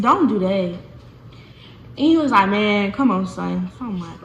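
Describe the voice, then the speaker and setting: Chatty young woman telling a story, bright and echoey. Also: a little high, normal speed. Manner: animated, chatty, addresses viewers as y'all. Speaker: vlogger. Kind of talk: casual storytime. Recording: echoey room with faint noise.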